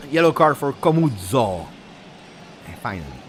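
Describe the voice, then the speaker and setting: A man hosting a live football watch-along, excitable and anxious, chanting repeated words and breaking into shouts. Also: medium pitch, unhurried, slight background noise. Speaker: football fan channel host.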